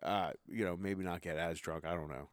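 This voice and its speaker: A man's voice: sits low, fairly even intonation, moderate pace, smooth, no room sound. A man co-hosting a casual podcast, telling rambling, profane stories with lots of laughter. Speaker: podcast co-host. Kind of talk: casual chat.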